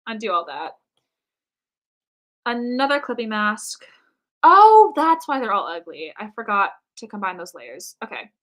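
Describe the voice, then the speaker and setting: A woman's voice: medium pitch, animated, normal speed, pushed and bright, poor audio. A young American woman chatting casually on a drawing live stream, rambling and self-mocking, with lots of ums and trailing thoughts. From United States. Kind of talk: casual chat while drawing.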